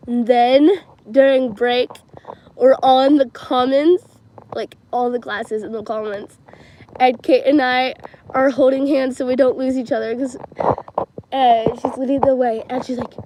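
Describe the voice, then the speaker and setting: A woman's voice: sits high, steady tone, a little slow, warm tone, a little hiss or hum, rough recording. A teenage girl telling stories on a livestream in a casual, chatty way, giggling often and filling her talk with "like" and "um". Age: teens. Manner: chatty, giggly, many fillers like "like" and "um".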